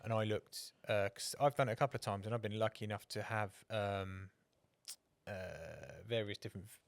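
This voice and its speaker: A man's voice: lowish voice, normal speed, creaky, no room sound. A man, co-hosting a motorsport podcast in casual chat, telling rambling anecdotes and swearing freely. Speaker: podcast co-host.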